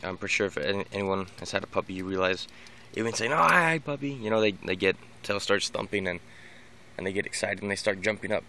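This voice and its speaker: This dog owner's vlog monologue comes in a low, level voice with a quick pace and a fairly bright tone, plus a little hiss or hum. He talks casually and unscripted about training his dog, rambling and often starting over or repeating himself.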